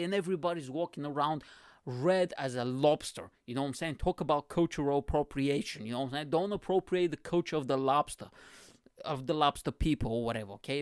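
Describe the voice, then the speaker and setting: A man's voice: on the high side, no room sound, studio quality. Sweary man rambling through a comedy monologue. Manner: rambling, sweary, animated storytelling. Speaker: podcast host.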